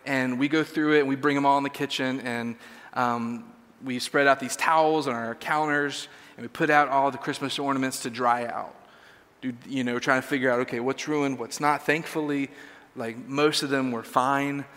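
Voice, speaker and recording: A man's voice: mid-range voice, steady tone, normal speed, a bit bright. A man telling a casual, self-deprecating personal story in a sermon, with lots of fillers. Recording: long hall reverb.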